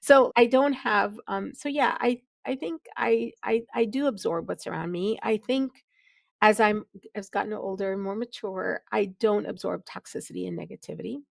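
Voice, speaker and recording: In a conversational podcast interview, a middle-aged physician leader with a Midwestern American accent reflects candidly on things, laughing easily and restarting sentences. Her gravelly, medium-pitched voice moves at normal speed with no room sound.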